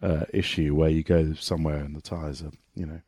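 A man talking as a motorsport pundit guest in a casual podcast conversation, animated and rambling, with many restarts. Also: rumbling low, a little fast, husky, dry recording.

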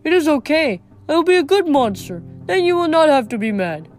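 A woman doing a soft, simple young giant. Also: high voice, very animated, moderate pace, soft background music, voice pushed up. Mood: gentle.

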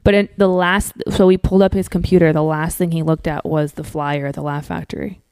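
A woman's voice: deep voice, steady tone, a little fast, darkish tone, clean tone, dry recording, clean studio sound. A young woman from Minnesota, a comedian guesting on a podcast, talking candidly and swearing freely. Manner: candid, swears freely, acts out quotes in a raised voice. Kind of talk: casual chat.

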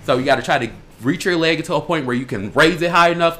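Bright, brash man cohosting a podcast. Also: a little high. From Chicago. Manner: loud, animated and crude, quick bursts of laughter. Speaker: podcast co-host. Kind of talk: casual chat.

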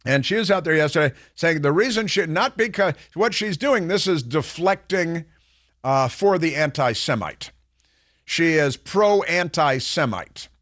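This male political talk radio host delivers a sarcastic, mocking monologue, putting on voices to ridicule and rambling with many fillers and restarts. His voice is on the high side, animated, unhurried and a bit bright. The sound is dry and close.

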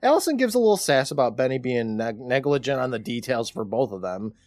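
A man's voice: medium pitch, big pitch swings, a little fast, a little mellow, dry recording. A man co-hosting a podcast, casually retelling a TV episode scene by scene and quoting characters' lines as he goes. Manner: chatty retelling with quoted lines. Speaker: podcast co-host.

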